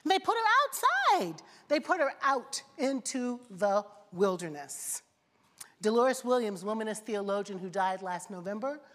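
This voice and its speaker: A woman preaching a sermon with passion, building through rhetorical questions and repeated phrases. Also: medium pitch. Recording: long reverb of a large hall.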